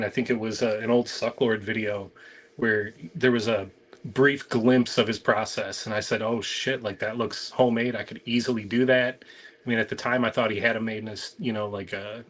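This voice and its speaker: A man from Michigan, a toy maker guest, answering questions in a relaxed, unhurried way with many fillers. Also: medium pitch, low-quality recording. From Michigan, near Detroit. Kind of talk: casual interview answers.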